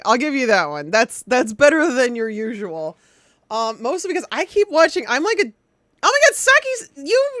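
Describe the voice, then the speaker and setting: A woman streaming a game, chatting casually with viewers in an excitable, giggly, gushing way. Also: on the high side, no echo, clean studio sound. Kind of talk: casual live-stream chat.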